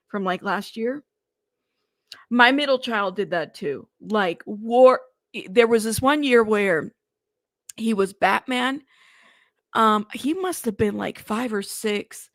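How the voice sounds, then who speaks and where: A woman's voice: fairly high pitch, dry recording. Chatty woman livestream host, dry sound. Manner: chatty, greets viewers by name, excitable. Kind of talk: casual livestream chat.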